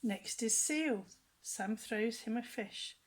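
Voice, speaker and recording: A woman reading picture books aloud to children, gentle, with chatty asides and some lines whispered. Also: fairly high pitch, takes it slowly, poor audio.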